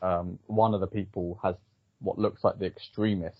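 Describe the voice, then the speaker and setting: A low-voiced man with a husky edge talks through a film review in a casual, halting way, filling his pauses with ums. The sound is dry and a little dull, like a modest home podcast setup. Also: little pitch movement, dry recording. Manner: hesitant, lots of ums and restarts. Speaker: podcast host.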